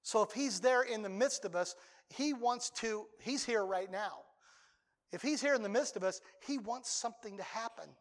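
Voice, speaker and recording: An older man preaching a sermon as a pastor, talking conversationally and breaking into sudden loud outbursts. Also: sits high, normal speed, long reverb tail.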